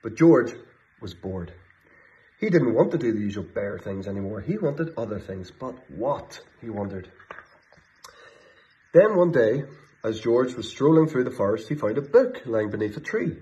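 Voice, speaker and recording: Man gently reading a children's story. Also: medium pitch, very animated, normal speed. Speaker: storybook reader. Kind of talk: reading a children's book aloud. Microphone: phone or camera video. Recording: slightly muffled lo-fi sound.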